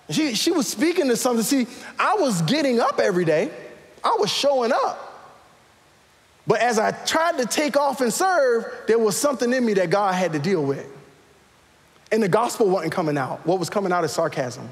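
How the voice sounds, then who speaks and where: A man with a high voice preaches as pastor to a live church congregation at a moderate pace. He's animated, calling out questions and asking people to raise their hands, and the sound has a big-room feel.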